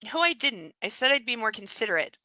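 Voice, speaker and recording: An indignant young wife fires back in clipped lines, read by a woman in her own voice. The voice sounds bright and is recorded close and dry. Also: on the high side, sing-song, fairly quick, dry recording.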